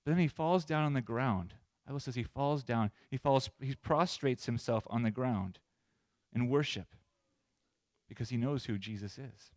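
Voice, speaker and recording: A man pastor preaching a sermon in an animated way, moving between loud emphasis and soft asides. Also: medium pitch, moderate pace, dry recording.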